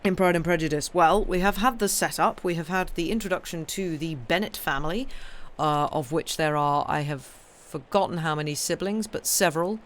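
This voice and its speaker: A woman's voice: low voice, moderate pace, hardly any pauses. A woman who streams herself reading novels aloud, chatting casually and rambling, full of ums and restarts. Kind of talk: casual chat on a live stream.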